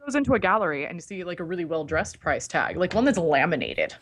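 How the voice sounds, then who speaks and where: A woman's voice: fairly low pitch, sing-song, fast. A young woman co-hosting a casual podcast, giggly and rambling as she spins a silly story. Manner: giggly, rambling, acts out silly voices in stories. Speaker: podcast co-host. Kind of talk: casual chat.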